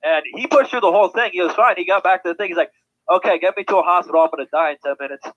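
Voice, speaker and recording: A man guest in a casual chat, telling stories quickly. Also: high-pitched. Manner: fast-talking storyteller. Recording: dull call audio.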